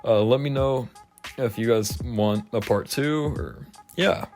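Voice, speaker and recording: A man's voice: mid-range voice, slow pace, a little mellow, soft background music. A young man telling work stories in a casual vlog, rambling and swearing, not sober, laughing often. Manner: rambling, profane, laughing, slightly slurred. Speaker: vlogger. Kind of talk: casual storytelling rant.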